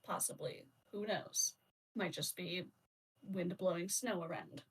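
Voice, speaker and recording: A woman player narrating her character in a tabletop game, in halting, filler-heavy casual speech. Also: fairly low pitch, husky, far from the mic, low-quality recording.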